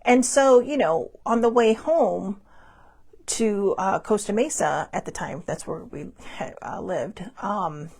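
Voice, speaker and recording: A woman's voice: medium pitch, vocal fry, darkish tone, slightly rough. A woman hosting a podcast, chatting casually and rambling through stories with lots of asides. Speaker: podcast host. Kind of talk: casual storytelling monologue.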